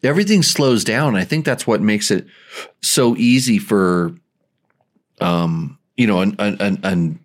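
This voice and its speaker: Rambling low-voiced male host. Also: lively intonation, unhurried. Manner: rambling, enthusiastic, many restarts. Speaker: show host. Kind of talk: casual podcast chat.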